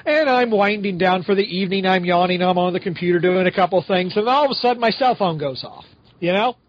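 A middle-aged man co-hosting a casual podcast, talking in animated, exasperated rants. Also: high-pitched, fast, no echo. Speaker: podcast co-host. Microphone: home podcast microphone. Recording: slightly dull lo-fi audio.

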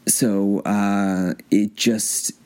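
A man talking casually to the camera about an acting method, pausing and restarting often. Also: lowish voice, little pitch movement, a little mellow. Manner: halting, many restarts and fillers. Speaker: amateur actor reviewing an acting book.

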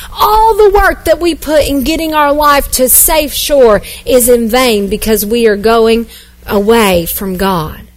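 A woman pastor preaching a sermon, earnest and repetitive, building emphasis phrase by phrase. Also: high voice.

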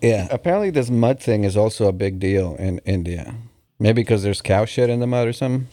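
A man's voice: fairly low pitch, animated, brisk, warm tone. A man hosting a podcast, bantering casually with his co-hosts, joking and swearing as he reads out news stories. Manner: joking, profane, laughs often. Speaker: podcast host.

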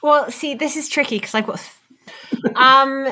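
A woman guest in casual podcast chat, telling lively, excitable stories. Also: sits high, a little slow. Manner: lively, excitable storytelling with laughter.

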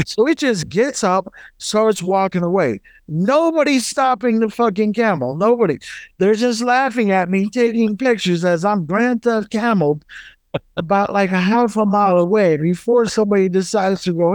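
A man's voice: high voice, expressive, moderate pace, dry recording, clean studio sound. A man in his thirties co-hosting a podcast, telling stories animatedly with profanity and laughter. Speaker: podcast co-host. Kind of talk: casual storytelling.

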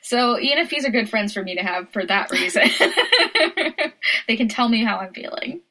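A woman's voice: a little high, lively intonation, normal speed, bright, forceful tone. A woman co-hosting a casual podcast chat, laughing often as she talks. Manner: giggly, laughs often mid-sentence. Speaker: podcast co-host.

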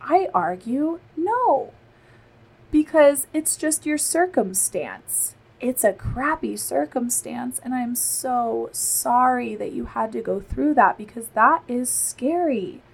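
A woman's voice: a little high, lively intonation, slow, vocal fry, slightly rough, rough recording. A woman in her thirties hosting a podcast, talking earnestly and reassuringly straight to her listeners. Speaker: podcast host and postpartum body therapist. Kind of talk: solo podcast talk.

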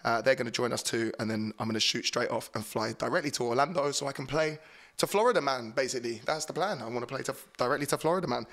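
A man hosting a drum and bass podcast, chatting casually and excitedly between tracks, joking and tripping over his words. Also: fast talker. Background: drum and bass music playing.

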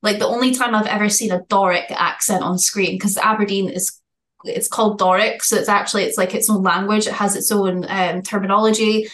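A woman's voice: medium pitch, fairly even intonation, a little fast, a bit bright. A woman, a podcast guest, talking casually and searching for words as she goes.

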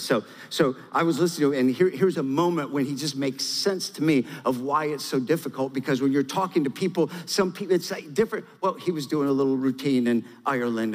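A man preaching to his church, talking easily and then pressing his points hard. His voice rings out with a long reverb from the hall around him. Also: mid-range voice. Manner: conversational preaching, rising to emphatic. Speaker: pastor. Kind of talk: sermon.

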